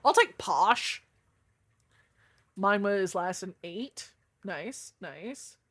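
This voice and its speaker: Casual woman streamer with a deeper voice. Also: animated, very slow. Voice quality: deeper voice than most women. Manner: chatty, swears casually, reacts to chat. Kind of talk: casual live-stream chat.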